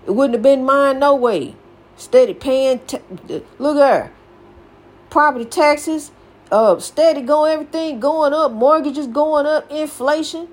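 An older woman hosting a podcast, giving a folksy, preachy motivational talk and repeating her phrases for emphasis. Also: sits high. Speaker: podcast host.

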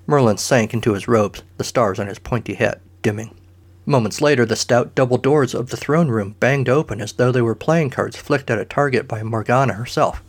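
A man narrating a comic story with dry, deadpan asides. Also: medium pitch, moderate pace.

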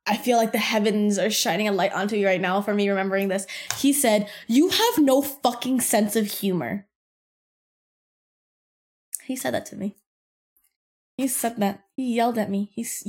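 Speaking in a mid-range voice, a young adult woman on her podcast chats casually through a workplace anecdote. She's lively and profane, laughs often, and leans heavily on filler words.

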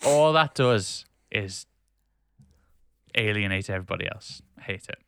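Opinionated male podcast co-host, lowish smooth voice, recorded dry. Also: lively intonation, a little slow, a bit bright, dry recording. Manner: opinionated, ranting, laughs easily. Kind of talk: casual podcast chat.

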